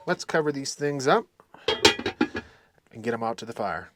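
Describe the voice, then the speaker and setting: A man's voice: mid-range voice, animated, measured pace, pauses often, slight background noise. A man talking casually to himself and his viewers as he cooks on a solo camping vlog, easygoing and chatty. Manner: easygoing, self-talking while cooking. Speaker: vlogger.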